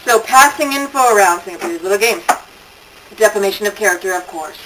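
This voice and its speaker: A woman's voice: mid-range voice, lively intonation, quick pace, noisy background. Chatty older woman, slightly distant mic. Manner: chatty storytelling, acts out quoted voices, laughing asides. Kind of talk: casual monologue.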